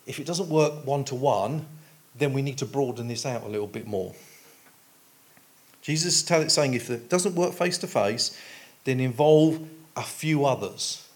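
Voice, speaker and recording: A man gives a sermon as a pastor. He talks in a relaxed, conversational way and leans on homely everyday examples to make his points. His voice sits at a middle pitch.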